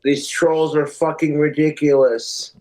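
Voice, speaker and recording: A man's voice: on the high side, level tone, a little slow, crowd noise. Blunt rambling man chatting. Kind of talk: casual chat.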